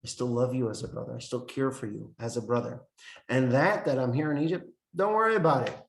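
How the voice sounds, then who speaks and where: A man voicing a gentle biblical figure reassuring his brothers in a warm, pleading manner. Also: high-pitched, measured pace, voice pushed up. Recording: echoey room.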